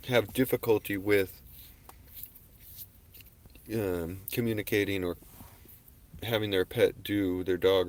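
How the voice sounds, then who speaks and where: Low gravelly guy rambling on a webcam stream, chill and slangy. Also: a little mellow. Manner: rambling, laid-back, slangy. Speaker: livestream host. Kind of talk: casual livestream talk. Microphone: webcam on a desk.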